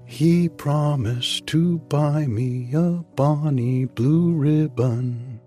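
A man's voice: fairly low pitch, big pitch swings, a little slow, a little mellow, faint music behind. A man doing a grave, earnest seventeen-year-old girl. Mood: singing. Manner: grave, earnest, a little stately. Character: bright, spirited young girl of seventeen.

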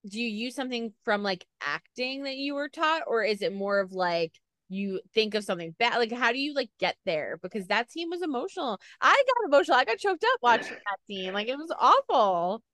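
A woman's voice: a little high, sing-song, a little fast, a bit bright, no room sound, studio quality. A woman interviewing an actor, asking eager questions full of "like". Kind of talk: casual interview.

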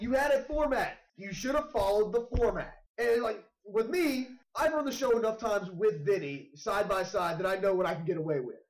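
A man's voice: high-pitched, rough recording. A man co-hosting a casual podcast chat, talking in a chatty, teasing way and laughing easily. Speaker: podcast co-host.

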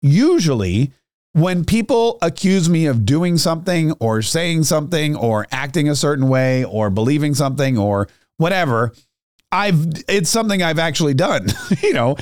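A man's voice: on the high side, lively intonation, normal speed, dry recording, clean studio sound. A middle-aged man hosting a talk show, telling a rambling, self-mocking story in a casual monologue. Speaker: radio talk show host.

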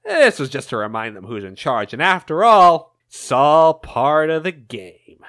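A man voicing a menacing villain scientist who issues slow, gloating threats. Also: a little high, very animated, fairly bright tone.

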